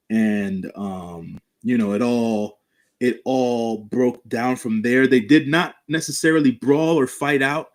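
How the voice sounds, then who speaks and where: A man co-hosting a podcast, recapping a wrestling show in a hesitant way with frequent pauses. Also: medium pitch, a little mellow. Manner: hesitant, many fillers and restarts. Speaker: podcast co-host.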